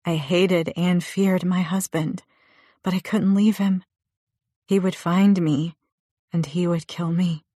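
A woman narrating a first-person audiobook in a measured, low and intimate way. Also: darkish tone, dry recording, studio quality.

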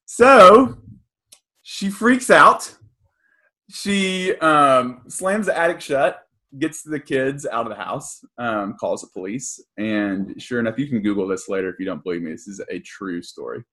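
A young man gives a sermon in a relaxed, conversational way. He sounds earnest and often stops to say um or restart a phrase. His voice sits at an ordinary middle pitch. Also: normal speed. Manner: casual and earnest, with frequent ums and restarts. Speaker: pastor.

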